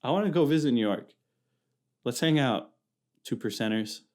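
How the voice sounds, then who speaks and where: A young man from California talks on his own podcast in a loose, easygoing ramble full of slang. He often breaks off and restarts his sentences. His voice sits in an ordinary middle pitch. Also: lively intonation, normal speed, a little mellow. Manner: rambling, slangy, self-interrupting. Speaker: podcast host. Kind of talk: casual solo podcast chat.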